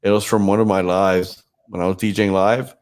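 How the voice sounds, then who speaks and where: A man's voice: low voice, little pitch movement, moderate pace, a little mellow, smooth. Stuffed-up, swearing man in casual chat. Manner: profane, joking, teasing. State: stuffed-up nose. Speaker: podcast host and DJ.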